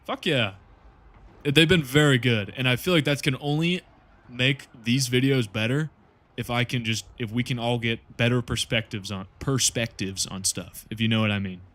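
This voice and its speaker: A man's voice: mid-range voice, moderate pace, a bit bright. A man chatting casually to his viewers on a live stream while playing a game, rambling, laughing and swearing freely.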